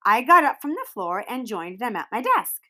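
A woman reads a children's novel aloud, expressive in her storytelling. Her voice is fairly high and full of rise and fall. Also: moderate pace. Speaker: reader.

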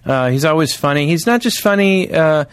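A man's voice: a little high, expressive, normal speed, clear, resonant tone, no room sound. A man co-hosting a comedy podcast, chatting casually and rambling through many fillers and restarts. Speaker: podcast co-host.

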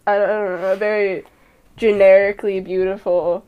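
A woman's voice: medium pitch, flat delivery, a little fast, clean tone, narrow, tinny audio. A woman player describing her character in a tabletop game, hesitant and trailing off with lots of fillers.

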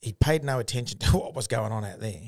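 A man's voice: medium pitch, fast talker, dry recording, studio quality. An Australian man, a former education worker, telling stories in a casual, plain-spoken way with frequent restarts. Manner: plain-spoken, animated storyteller with many restarts. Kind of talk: casual storytelling chat.

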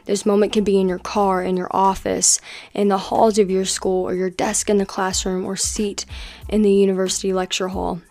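A woman hosting a faith podcast, talking in an energetic, encouraging, conversational way. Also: mid-range voice. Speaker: podcast host.

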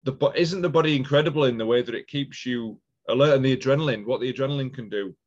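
A man with a voice of middling pitch hosts a podcast interview. He mostly offers brief acknowledgements and reflective comments, and the recording sounds slightly dull and lo-fi. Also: fast. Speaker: podcast host. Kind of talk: interview conversation.

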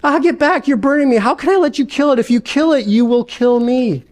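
A man voicing a nervous male ghost who pleads in a high, anxious voice. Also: lively intonation, moderate pace, gravelly, darkish tone. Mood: panicked. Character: whiny, frightened male ghost clinging to his lizard.

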